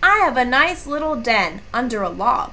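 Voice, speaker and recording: A woman's voice: a little high, big pitch swings, moderate pace, sharp tone, a little hiss or hum, heavily acted. Woman doing an easygoing storybook skunk. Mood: relaxed.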